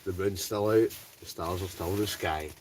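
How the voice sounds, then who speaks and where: A man's voice: low-pitched, moderate pace, recorded from a distance, a little hiss or hum. A man with a Scottish accent from Ayrshire, casually chatting and laughing as he reads out viewer names on a livestream from his heated tent. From Scotland. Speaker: wild camping livestreamer reading chat. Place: inside a heated tent in the snow.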